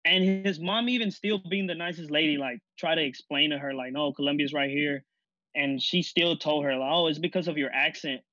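A man's voice: on the high side, fairly even intonation, a little fast, pushed and bright, no echo, highs cut off. A young man telling a story in a casual group conversation, easygoing and full of fillers. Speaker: discussion participant.

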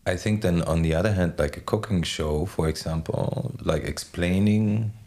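A man with a very low, gravelly voice and a husky edge speaks as a guest in a casual chat. He rambles in an easygoing way, leaning on filler words as he thinks aloud. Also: normal speed. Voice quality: deep gravelly voice. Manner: relaxed and rambling, many "like" fillers. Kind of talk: casual conversation.

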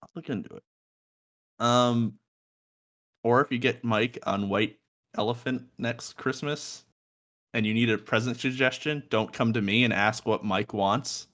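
A man's voice: medium pitch, fairly even intonation, unhurried, a bit bright. A young man co-hosting a casual music podcast from a room at home, joking, swearing and laughing often. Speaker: podcast co-host.

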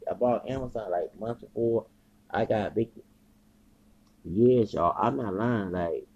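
Gravelly-voiced man ranting, lo-fi sound. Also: medium pitch, warm tone. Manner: agitated, profane, repeats himself. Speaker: podcast host. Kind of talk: rambling casual monologue. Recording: dull lo-fi recording.

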